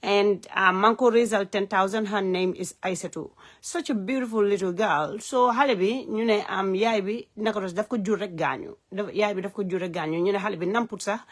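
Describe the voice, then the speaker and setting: A woman speaks straight into her phone on a live stream. Her voice sits at an ordinary mid pitch. She is earnest and heartfelt, and she fills her halting phrases with "um" as she moves between languages. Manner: hesitant, many "um" fillers, mixing languages. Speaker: live-stream host and advocate. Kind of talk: unscripted live-stream talk.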